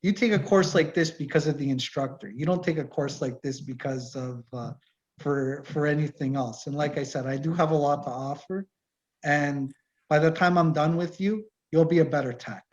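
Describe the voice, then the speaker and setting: A man's voice: on the high side, normal speed, a little mellow, lo-fi sound. A middle-aged man, a mechanic and course instructor, talking casually and animatedly in an online info session, telling stories from his shop and acting out customers. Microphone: video call.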